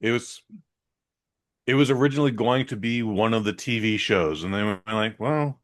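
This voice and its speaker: A podcast co-host with a fairly low voice and moderate pace tells stories animatedly in a casual chat. He swears freely and acts out what people said.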